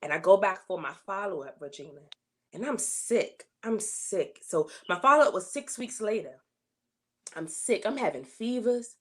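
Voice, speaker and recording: A woman's voice: expressive, moderate pace, fairly bright tone. Woman guest, faith testimony, earnest, emotional, repeats herself for emphasis. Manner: earnest, emotional storytelling with repetition; rises in pitch when voicing her complaints to God. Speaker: interview guest.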